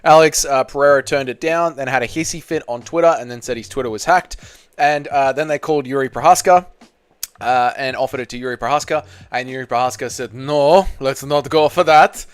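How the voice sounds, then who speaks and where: A man's voice: medium pitch, fairly even intonation, a little fast, clear, resonant tone, dry recording. An Australian man hosting a live stream, reading viewer chat aloud and answering in crude, joking banter. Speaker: channel host.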